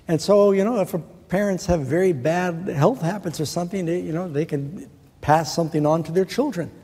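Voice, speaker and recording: A man preaching a sermon in an earnest way, asking rhetorical questions and slowing down to quote scripture. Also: on the high side, warm tone, breathy edge. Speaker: pastor. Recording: long reverb of a large hall.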